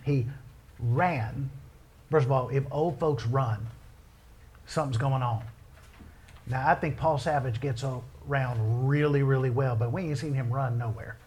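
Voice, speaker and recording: A man's voice: mid-range voice, unhurried, a little hiss or hum. Man preaching with folksy fervor. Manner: builds from calm teaching to loud, impassioned pleading with hushed whispered asides. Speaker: pastor. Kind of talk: sermon.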